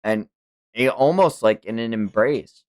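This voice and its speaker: A man streaming a manga read-along, narrating the action in a casual way with quick informal asides. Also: mid-range voice, a little mellow.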